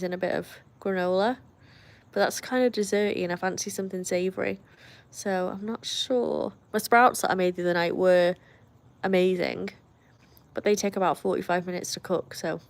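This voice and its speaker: A British woman hosting a livestream, chatting casually and reading out viewer comments with frequent laughs. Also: medium pitch. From Britain. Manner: chatty, laughs often, friendly asides. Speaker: livestream host.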